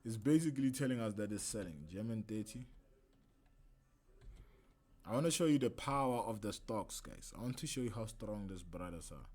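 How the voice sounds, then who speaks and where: A man's voice: lowish voice, animated, normal speed, a little mellow, husky. Chatty man teaching trading on stream. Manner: loose and chatty, keeps asking "right?", slangy asides. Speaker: trading instructor streaming a lesson. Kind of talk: casual livestream trading lesson.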